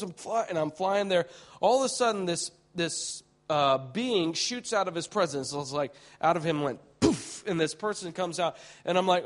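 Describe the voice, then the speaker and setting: A male preacher telling a vivid vision story in a sermon, excitable and full of restarts, swinging from hushed tones to shouts. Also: a little high, brisk.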